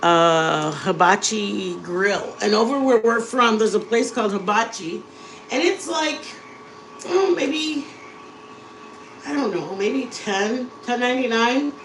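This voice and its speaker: Woman vlogger, forties, chatty home-kitchen storyteller, middle pitch. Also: a little slow, few pauses, a bit bright, slight background noise, low-quality recording. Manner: chatty storyteller addressing viewers directly. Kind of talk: casual chat while baking.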